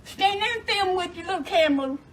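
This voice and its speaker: A woman's voice: very high voice, lively intonation, brisk, slight background noise. A woman being hostile and dismissive in a filmed public confrontation.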